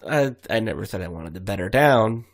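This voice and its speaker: A man's voice: on the low side, lively intonation, a little fast, creaky. A man chatting casually on a comedy podcast, laid-back and a little hesitant.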